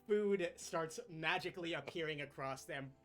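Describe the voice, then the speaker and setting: A man narrating as game master of a tabletop game in a relaxed, chatty way. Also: fairly high pitch, moderate pace, music in the background.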